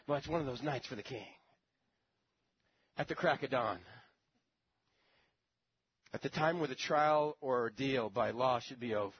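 A man's voice: medium pitch, slight background noise. A man preacher delivering a sermon in a dramatic storytelling manner, with conversational asides to the congregation. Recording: dull lo-fi sermon recording.

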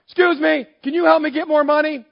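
A man voicing a pushy grown man who interrupts a teacher, loud and eager. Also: very high-pitched, fairly even intonation, fairly quick, vocal fry, muffled recording, voice pushed up. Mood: urgent pleading.

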